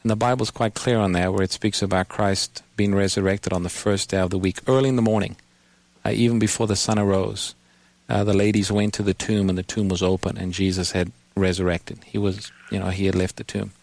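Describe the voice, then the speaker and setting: A man's voice: deep voice, little pitch movement, fairly quick, darkish tone, dry recording. A man hosting a radio Bible call-in program, patiently explaining scripture to a caller and quoting verses.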